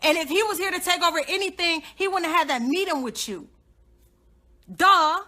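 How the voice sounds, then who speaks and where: A young woman ranting on a live social media stream with a high, sharp, bright voice. She is emphatic and confrontational and hammers her points again and again. Her delivery swings from loud outbursts down to low, muttered asides. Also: normal speed. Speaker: godmother and activist livestreamer.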